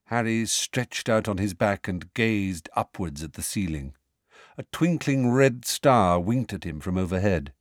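A man narrating an audiobook with expressive storytelling. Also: fairly low pitch, measured pace, no echo, studio quality. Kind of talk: scripted narration.

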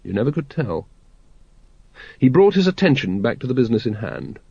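A man narrating a novel in a dry, measured storytelling manner, on a dry, slightly dull recording. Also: medium pitch, big pitch swings, gravelly, dark tone, slightly rough, no room sound. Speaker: audiobook narrator. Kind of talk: scripted narration.

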